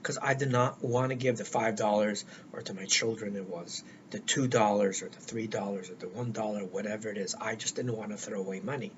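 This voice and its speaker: An older man speaks to the camera on his own, offering earnest life-coaching advice with emphasis and repeated words for stress. His voice is lowish and fairly even, quick, with hardly any pauses. The lo-fi recording sounds dull, with faint noise.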